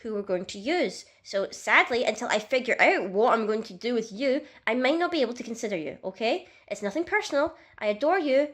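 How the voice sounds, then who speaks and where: A woman's voice: fairly high pitch, animated, brisk, few pauses, fairly bright tone. Chatty, self-mocking young woman. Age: young adult. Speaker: vlogger. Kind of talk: casual comedic vlog.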